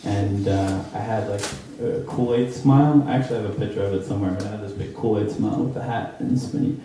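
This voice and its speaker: A young man telling a comedic true story at an improv show, rambling with lots of fillers and jumping into high squeaky voices for the people in it. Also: quick pace, dark tone, a little hiss or hum. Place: theater stage. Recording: roomy, distant live stage recording.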